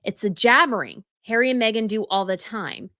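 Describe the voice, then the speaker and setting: A woman's voice: a little high, animated, normal speed, sharp tone, dry recording, clean studio sound. A woman delivering an opinionated commentary monologue as a news commentator, scornful and emphatic, with mocking asides.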